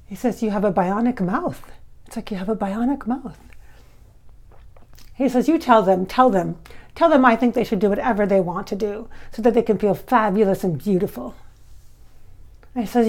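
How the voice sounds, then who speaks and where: Woman, giggly casual chat at home, lots of fillers, bit of vocal fry, braces-softened S sounds. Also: mid-range voice, normal speed, long pauses. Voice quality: slightly blurred S sounds from clear braces. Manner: chatty and giggly, many fillers and restarts. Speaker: spiritual medium and channel host.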